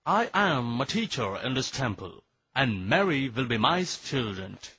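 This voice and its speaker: An actor playing a self-important, touchy temple teacher in a dubbed film, pompous in manner. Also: male voice, medium pitch, very animated, a little slow, pushed and bright, slight background noise, exaggerated voice.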